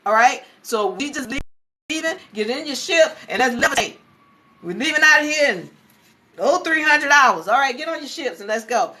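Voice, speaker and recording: A woman's voice: high-pitched, animated, normal speed, pushed and bright, a little hiss or hum, pitched above the performer's own voice. A woman voicing a bossy male god who curtly orders everyone onto the ships. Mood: fed up. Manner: curt, commanding, fed up.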